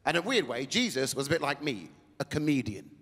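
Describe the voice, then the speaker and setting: A man's voice: medium pitch, fast talker, noisy background. A man performing a stand-up comedy set, acting out the people he quotes. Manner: animated, acts out the people he quotes. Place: large theatre with a live audience. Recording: reverberant hall, crowd laughter.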